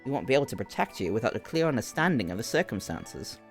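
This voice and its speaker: A man voicing a calm, courteous gentleman professor while reading game lines. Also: medium pitch, quick pace, faint music behind.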